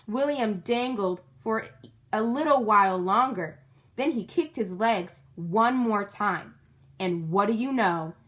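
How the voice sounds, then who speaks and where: Reading a children's book aloud, a woman pauses to explain words and ask her young listeners questions. Her voice sits on the high side, slow, animated and a bit bright.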